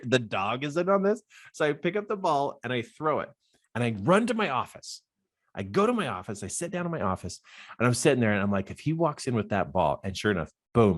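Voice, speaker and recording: A man, a life coach, telling a personal story with lots of laughter and acted-out dialogue. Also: mid-range voice. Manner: expressive, laughs often, acts out dialogue.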